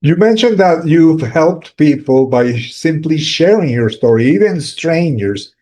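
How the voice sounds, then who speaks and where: A man hosting a podcast, asking brief, calm questions. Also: on the high side, measured pace. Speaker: podcast host. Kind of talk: interview questions.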